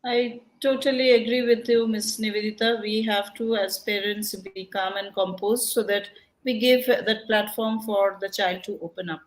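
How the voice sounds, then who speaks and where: A woman on a webinar panel speaks softly and agreeably as a parent over a video call. Her voice sits in a middle register and stays fairly flat in pitch. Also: moderate pace, rough recording. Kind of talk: panel discussion.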